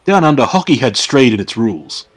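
A man's voice: mid-range voice, very animated, fairly quick. Australian man, wry movie riffer, mid-range voice. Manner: wry, laughing asides. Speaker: movie riff commentator. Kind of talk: joking movie commentary.

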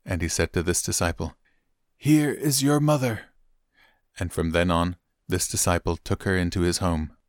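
A man reading a Bible chapter aloud in steady, clear narration. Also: sits low, fairly quick, few pauses, no echo, studio quality. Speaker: Bible reader. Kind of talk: scripted scripture reading.

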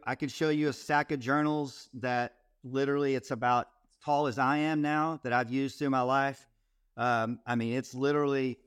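Male ministry guest, mid-pitched, animated storyteller, dry close-mic recording. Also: dry recording. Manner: animated storyteller, frequent repeated starts. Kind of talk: casual interview, storytelling.

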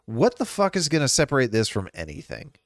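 A man's voice: medium pitch, huge pitch swings, brisk, dry recording, studio quality. A man co-hosting a gaming news show, chatting in a laid-back, joking way. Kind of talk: casual gaming news chat.

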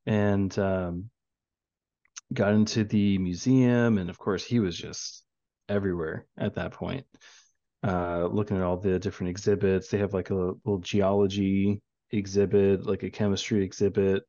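Low-voiced young dad rambling along. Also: male voice, fairly even intonation, moderate pace, dark tone, dry recording, lo-fi sound. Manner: rambling storyteller with many fillers. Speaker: father telling a story. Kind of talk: casual chat.

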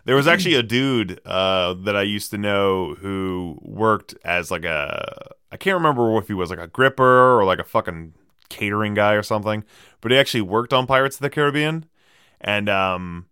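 Low-ish guy with a bright crisp voice doing a chill movie podcast, sarcastic trivia, dry close mic. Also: animated, moderate pace, no room sound. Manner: wry, sardonic storytelling with lots of fillers. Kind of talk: casual movie podcast chat.

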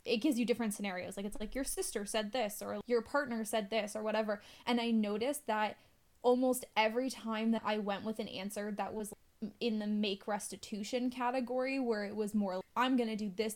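A young woman co-hosting a podcast in casual chat, talking with lots of fillers and laughing easily. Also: mid-range voice. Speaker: podcast co-host.

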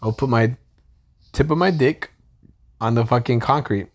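A man's voice: medium pitch, moderate pace. Male podcast co-host, casual, crude humor, lots of swearing. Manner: crude, joking, swears a lot. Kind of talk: casual chat.

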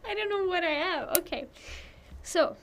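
A woman's voice: extremely high pitch, normal speed, a bit bright, a little hiss or hum. A young woman co-hosting a casual podcast, giggly, often losing her place as she reads out lists. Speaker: podcast co-host. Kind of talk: casual chat.

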